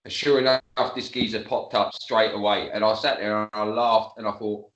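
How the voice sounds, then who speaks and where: A man's voice: fairly low pitch, fairly even intonation, normal speed, fairly bright tone, reverberant, muffled recording. A man, telling a story as a guest in casual chat, laughing often and swearing freely.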